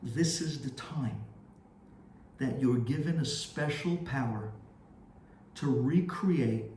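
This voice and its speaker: A man, a rabbi, telling a story in a sermon with animated, dramatic delivery. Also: on the high side, far from the mic, slight background noise. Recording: roomy echo, faint ambience.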